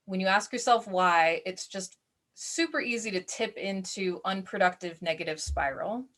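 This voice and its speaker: A woman leads an online self-awareness class in a relaxed, conversational way. She uses casual fillers and slips into short acted-out snippets of her inner voice. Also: mid-range voice.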